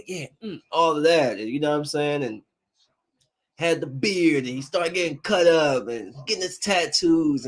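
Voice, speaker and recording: A man hosting his own podcast, chatting casually and with feeling about his week. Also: a little high. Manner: loose and heartfelt, drifting between grief and upbeat chatter. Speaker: podcast host. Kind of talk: casual solo podcast talk.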